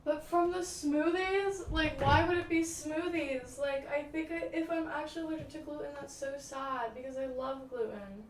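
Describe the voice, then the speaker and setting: A woman's voice: high voice, steady tone, moderate pace, few pauses. A young woman livestreaming and answering viewer comments in casual chat. She talks dramatically, swears freely and fills her speech with "like" and "um.". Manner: chatty, dramatic, swears freely, many "like" and "um" fillers. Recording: roomy echo, distant from the mic, faint ambient noise.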